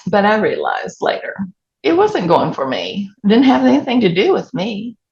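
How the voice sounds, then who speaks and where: A woman pastor with a Southern US accent, preaching through personal stories with animated asides. Her voice has a gravelly edge. The recording sounds dull and lo-fi, as from a church sound system. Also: mid-range voice, moderate pace. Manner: storytelling, animated, laughing asides. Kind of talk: sermon.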